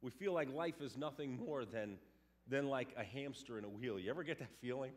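A man preaching a sermon in a lively, animated way, acting out little scenes and voices. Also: medium pitch, a little fast. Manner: animated, acts out quotes and sounds. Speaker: pastor.

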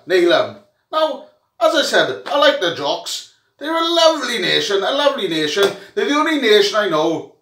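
A man with a high, bright voice in a loud, sweary, joking rant, puffing and out of breath. He sounds a little way off the mic, and the room throws back an echo. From Wales. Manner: boisterous, sweary, jokey banter. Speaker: rugby fan vlogger. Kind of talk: rowdy comic monologue to camera. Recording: echoey room, mic at a distance.

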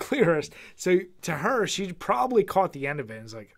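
Teasing Philly man, slightly high voice. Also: big pitch swings, brisk. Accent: Philadelphia. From Philadelphia, USA. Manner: teasing, profane, laughing often. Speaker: podcast co-host. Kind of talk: casual chat.

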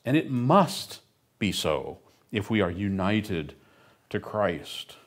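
Middle-aged pastor guy preaching, stresses words hard, slips in dry jokes, kinda low voice. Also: very animated, takes it slowly. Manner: emphatic, with dry asides. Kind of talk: sermon.

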